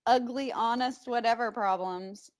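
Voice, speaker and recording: A woman's voice: on the high side, a little slow, dry recording. A woman from Texas with a Texan accent, co-hosting a podcast in brash, joking casual chat. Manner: brash, joking, swears freely. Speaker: podcast co-host.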